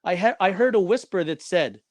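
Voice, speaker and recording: A guest speaker, a man with a fairly high voice, tells a personal story in an expressive, emphatic and dramatic way, repeating his key lines for effect. He talks fairly quickly. The sound is close and dry, with no echo and almost no room sound.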